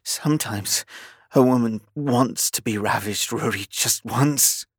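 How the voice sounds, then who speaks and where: A man's voice: mid-range voice, slow pace, breathy edge, no echo, studio quality. Male reader as a bold young Englishwoman, pleading urgently in an audiobook romance. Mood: yearning.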